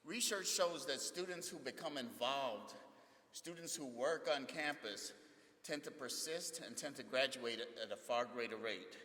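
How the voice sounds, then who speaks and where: Man in his sixties, bright forceful voice, anecdotal speech, long hall reverb. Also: mid-range voice, measured pace. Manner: storytelling, jokes, builds excitement in anecdotes. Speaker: university administrator speaking at convocation. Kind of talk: ceremonial speech with humorous anecdotes. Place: large hall.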